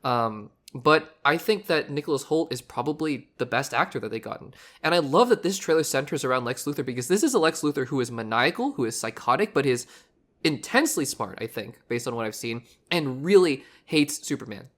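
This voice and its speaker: A man hosting a solo movie podcast, hoarse from recently losing his voice, talking in a rambling, animated way with frequent restarts. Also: mid-range voice, fairly quick. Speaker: podcast host.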